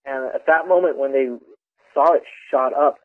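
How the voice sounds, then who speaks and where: Man telling a story over a tinny phone line. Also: medium pitch. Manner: halting, repeats words and restarts, acts out quoted voices. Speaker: caller telling a personal encounter story. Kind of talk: radio call-in storytelling.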